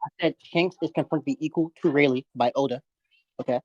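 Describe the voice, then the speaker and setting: A man's voice: fairly high pitch, fast, darkish tone, no echo, dull audio. A young man in a casual online debate, insistent and at times mumbling.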